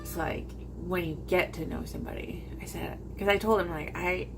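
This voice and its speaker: A woman's voice: fairly low pitch, noisy background. Rambling woman vlogger in her forties. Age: 40s. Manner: rambling, halting, full of fillers. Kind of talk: casual chat to camera.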